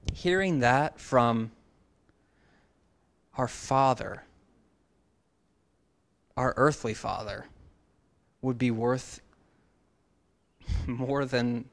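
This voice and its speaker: A man leads a relaxed, expository sermon in a mid-range voice. He works through a scripture passage as a Bible teacher, keeping his tone conversational and breaking in now and then with playful asides. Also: medium pitch, gravelly.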